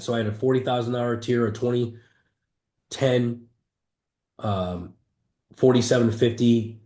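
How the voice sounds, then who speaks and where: Man, middle pitch, earnest first-person storytelling, roomy echo on the recording. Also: darkish tone. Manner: earnest, emphatic, vivid retelling with frequent restarts. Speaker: entrepreneur guest. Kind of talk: candid personal storytelling in an interview.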